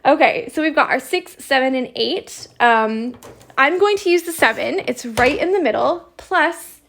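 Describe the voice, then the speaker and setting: A woman's voice: sits high, animated, measured pace, fairly bright tone. A young woman giving a chatty, upbeat embroidery tutorial, explaining step by step. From Canada. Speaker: embroidery teacher. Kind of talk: casual crafting tutorial.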